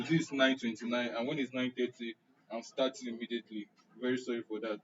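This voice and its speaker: A man's voice: mid-range voice, level tone, fast talker, a little hiss or hum. A young Nigerian man teaching an online class, chatting and joking as he answers his audience's comments by name. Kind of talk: casual chat with a live-stream audience. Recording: muffled, distant live-stream audio.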